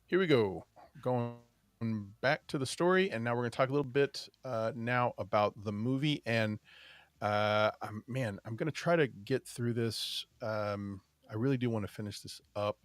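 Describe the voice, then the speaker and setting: A man's voice: mid-range voice, normal speed, no echo. A man hosting a podcast in casual chat, joking, rambling with fillers and laughing often. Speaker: podcast host.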